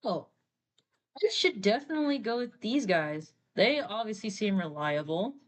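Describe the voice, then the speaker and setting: A woman's voice: mid-range voice, expressive, moderate pace, close to an everyday voice. A woman voicing a timid, frightened young girl who is on the run. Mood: hopeful.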